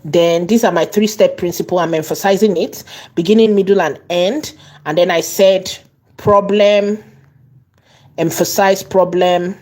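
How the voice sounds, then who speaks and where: A woman teaching an online course, repeating and stressing key words and slowing down as she dictates. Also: on the low side, fairly even intonation, darkish tone. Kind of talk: tutorial lesson.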